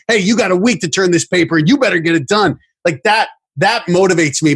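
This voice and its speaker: Brief: male comedian guest, lively voice, stammers and restarts. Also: fairly high pitch. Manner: stammering restarts, laughs easily. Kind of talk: casual chat over a remote call.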